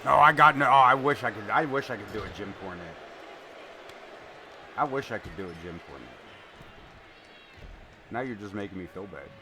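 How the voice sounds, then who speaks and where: A man streaming live, calling wrestling play-by-play and chatting casually in an excitable, rambling way, swearing now and then. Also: fairly low pitch, normal speed, long pauses, noisy background. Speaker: streamer commentating a wrestling game. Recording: music playing behind.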